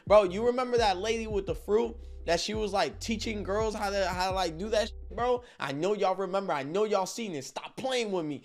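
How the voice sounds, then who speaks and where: A young man telling a story in a casual vlog, animated and full of slang, often turning to his listeners to check they are with him. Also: sits high, fairly quick, gravelly, few pauses, faint music behind.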